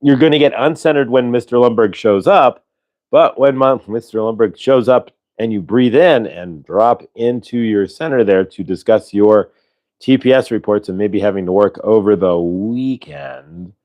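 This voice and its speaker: Low-pitched male host, loose casual delivery, restarts often, sighs between breaths. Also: normal speed, lo-fi sound. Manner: rambling, relaxed, with many fillers and restarts; sighs audibly between instructions. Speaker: host leading a breathing exercise. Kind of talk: casual spoken guidance.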